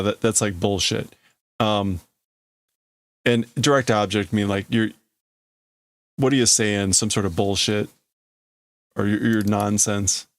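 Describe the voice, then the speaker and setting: Slow gravelly man working through a translation. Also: on the low side, dry recording. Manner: slow, halting, stops to explain words and reads lines in a raised voice. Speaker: livestream host. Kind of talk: casual live translation of a manga.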